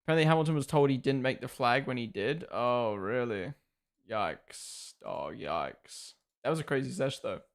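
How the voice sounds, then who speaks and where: A man's voice: medium pitch, quick pace, hardly any pauses. A young man casually commentating live on a stream, reacting and thanking viewers by name. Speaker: streamer hosting a watchalong.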